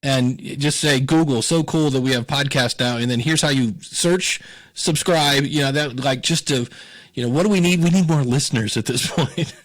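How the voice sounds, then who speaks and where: A man's voice: medium pitch, normal speed. A man from Ohio, a podcast consultant, telling stories in a casual interview and acting out what people said. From Ohio, USA. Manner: animated storyteller, acts out quoted voices.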